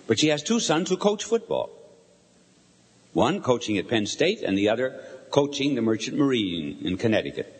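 Older male preacher, very expressive pitch, live sermon in a reverberant hall, chatty with the audience. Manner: animated storyteller, asks the audience questions. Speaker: bishop preaching.

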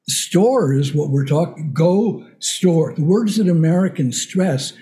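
An older man coaching voice in a relaxed podcast chat, his tone warm and mellow and pitched a touch high. He explains things patiently and acts out little examples as he goes. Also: normal speed. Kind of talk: casual podcast conversation.

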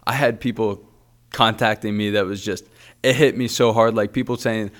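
A man's voice: lowish voice, fairly even intonation, normal speed, a bit bright. A man co-hosting a podcast, speaking reflectively with many filler words. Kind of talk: casual chat.

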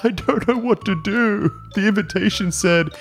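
A man's voice: high voice, moderate pace, soft background music. A man playing a worried office worker giving an earnest testimonial in a sketch comedy podcast. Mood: anxious. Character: anxious office worker trapped by a sinister app.

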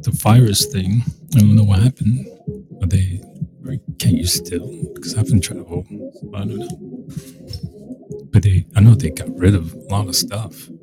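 A man talking in a rambling casual monologue, full of restarts and mocking quoted voices. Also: on the low side. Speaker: show host. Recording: music playing behind the voice.

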